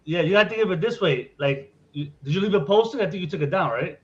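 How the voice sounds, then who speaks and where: A man's voice: sits high, expressive, quick pace, dull audio. A man hosting a podcast in loose, joking casual chat, swearing freely. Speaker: podcast host.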